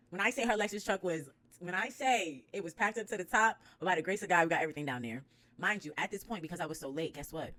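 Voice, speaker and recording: A young woman from New York with a New York accent, telling a faith story to her viewers in animated, slangy talk with loud bursts of praise. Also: on the low side, fast, no echo. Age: young adult. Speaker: vlogger. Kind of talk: casual storytelling to camera.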